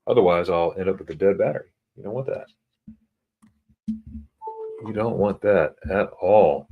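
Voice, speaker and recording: A middle-aged man with a very low, deep voice hosts a relaxed livestream chat. He reads viewers' comments aloud and talks in a halting way, with many restarts and repeated words. He chuckles often between remarks. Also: phone-quality sound. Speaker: livestream host.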